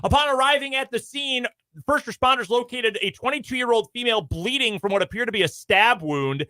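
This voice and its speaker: A man's voice: very high voice, a little fast, pushed and bright. A male sports radio host reading out a news story in a radio studio, with wry asides.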